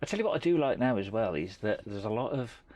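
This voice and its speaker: A man's voice: mid-range voice, expressive, fast talker, darkish tone. An English man hosting a casual podcast chat, easygoing and agreeable, often ending with tag questions. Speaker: podcast host.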